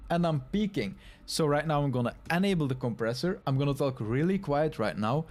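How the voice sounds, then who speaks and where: Speaking a little fast with a fairly high pitch and lively intonation, a man presents a step-by-step screen tutorial on audio settings for streaming. He walks through each setting and demonstrates by both speaking quietly and shouting.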